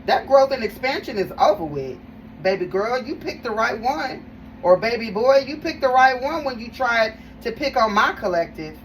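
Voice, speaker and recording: A fairly high-voiced woman talks her way through a tarot spread, chatty and emphatic, looping back on phrases and addressing her viewers directly. She sits a little back from the microphone, and a faint hiss of background noise runs under her voice. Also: sing-song, normal speed. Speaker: tarot reader. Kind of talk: casual live tarot reading to viewers. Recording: voice a bit far from the mic, faint background noise.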